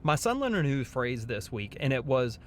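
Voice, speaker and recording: A man's voice: medium pitch, sing-song, normal speed, slight background noise. A young man, a father, talking earnestly about faith in a personal devotional vlog, often restarting his sentences. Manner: earnest, heartfelt, with frequent restarts. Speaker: christian vlogger.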